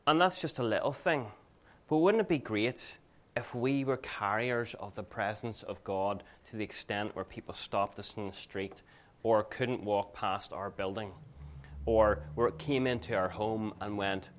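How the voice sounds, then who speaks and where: A man's voice: on the low side, normal speed. Conversational, earnest male pastor. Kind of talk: sermon with personal anecdotes.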